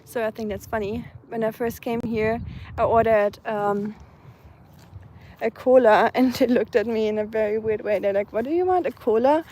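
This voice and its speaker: A woman's voice: a little high, level tone, normal speed, darkish tone, a little hiss or hum. A woman in her twenties from Germany with a German accent, chatting casually on an outdoor live stream and reading out viewer comments. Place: outdoors, feeding stray cats.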